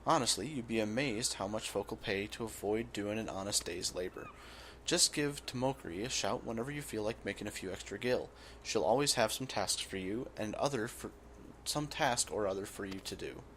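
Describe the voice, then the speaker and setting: A man voicing a gruff, blustering old male guild boss, reading game dialogue aloud. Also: on the low side, normal speed, a bit bright, a little hiss or hum, natural voice. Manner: reads in a rough dockside voice, drops it partway.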